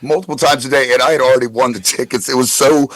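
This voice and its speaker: A man's voice: medium pitch, steady tone, fast talker, fairly bright tone, no room sound, low-quality recording. A man in his forties who tells rambling anecdotes with stammered restarts in a casual interview. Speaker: guest voice actor.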